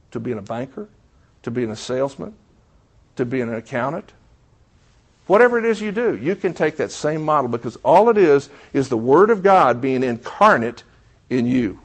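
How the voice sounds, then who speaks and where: A middle-aged preacher with a medium-pitched voice and lively intonation speaks at a moderate pace. Using a story as a sermon illustration, he acts out the dialogue and keeps asking the congregation questions.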